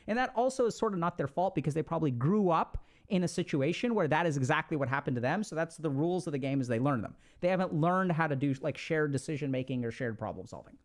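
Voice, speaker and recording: Man, slightly high voice, casual advice talk, chatty, lots of fillers. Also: animated, fast talker. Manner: conversational, filler-heavy, checks in with "right?". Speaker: speaker giving relationship advice.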